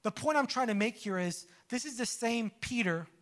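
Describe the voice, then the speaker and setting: A man with a notably high voice preaches a sermon. He talks to the congregation like friends, tossing out jokes and quick questions between scripture points. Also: expressive. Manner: conversational preaching with humorous asides and audience questions. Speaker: pastor.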